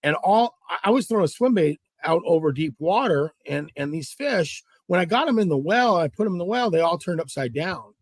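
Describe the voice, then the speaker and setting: A man's voice: high-pitched, fairly quick, few pauses, no echo, clean studio sound. A middle-aged man from Southern California, a guest angler telling fishing stories in a casual interview and acting out the dialogue. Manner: animated, acts out dialogue in stories.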